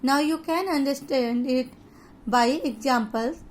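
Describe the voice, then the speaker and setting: A woman with an Indian English accent teaches an online grammar lesson, explaining slowly and deliberately with pauses. Her voice sits high, and there's slight background noise.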